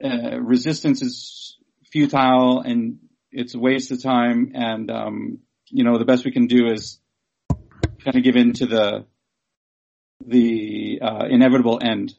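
A man asking questions in a conversational interview, speaking haltingly with many restarts and fillers. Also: medium pitch, little pitch movement, vocal fry, a little mellow, highs cut off.

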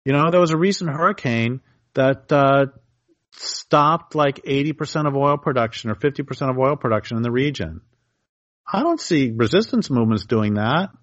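Man, interview guest, earnest, argues with hypotheticals, mid pitch, dull lo-fi audio. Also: lively intonation, normal speed, fairly bright tone, dry recording. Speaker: author and guest. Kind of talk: conversational interview.

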